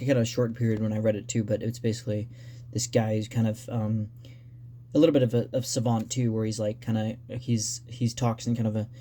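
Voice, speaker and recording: A man talking unscripted about his novel drafts in a rambling, halting way with many restarts. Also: lowish voice, warm tone, slight background noise. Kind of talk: unscripted casual vlog talk.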